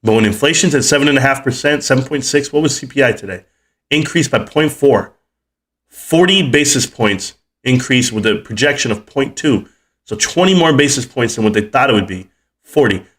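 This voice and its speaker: A man's voice: mid-range voice, expressive, normal speed, a bit bright. A man in his forties ranting heatedly on his livestream about the economy and stocks, cussing as he goes. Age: 40s. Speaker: livestream host.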